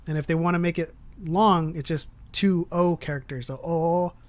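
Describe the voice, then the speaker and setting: A man's voice: a little high, moderate pace. A man hosting a casual stream chat, explaining at length with many ums and restarts. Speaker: host.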